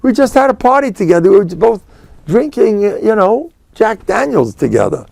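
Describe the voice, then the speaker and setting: An old man doing a shrill, frantic man pleading. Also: big pitch swings, moderate pace, creaky, a little mellow, no room sound, heavily acted. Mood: pleading disbelief. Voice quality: shrill, high-pitched pleading. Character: frantic betrayed Jewish man pleading with his friend.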